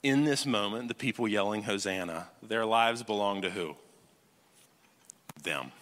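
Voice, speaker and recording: A male pastor preaching a conversational sermon, often checking "you follow me?", swinging between loud emphasis and hushed intensity. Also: lowish voice, expressive, measured pace. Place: church auditorium. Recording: long reverb of a large hall.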